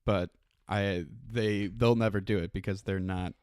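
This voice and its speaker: A man's voice: fairly low pitch, steady tone, a little slow, darkish tone, clean tone, no echo, clean studio sound. A man co-hosting a podcast in casual chat, earnestly arguing his points as a comic-book fan. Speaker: podcast co-host.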